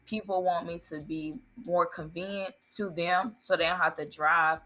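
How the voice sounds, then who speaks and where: Bright-voiced woman, interview guest. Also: on the low side, fairly even intonation, normal speed. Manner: earnest, answers with "yes, sir". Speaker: ice cream business owner.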